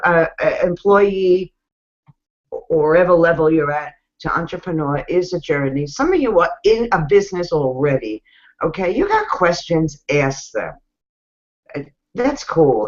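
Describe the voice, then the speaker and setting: A woman hosting an online business webinar, talking casually and bluntly as she coaches viewers directly. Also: lowish voice. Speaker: webinar host. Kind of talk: casual motivational talk. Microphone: video call. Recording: muffled video call audio.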